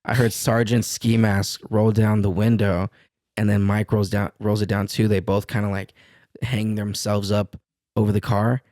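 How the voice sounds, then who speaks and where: A man's voice: on the low side, level tone, moderate pace, darkish tone, no echo, clean studio sound. A young man co-hosting a podcast, telling a story in a laid-back, slangy way with plenty of swearing. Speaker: podcast co-host. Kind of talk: casual storytelling chat.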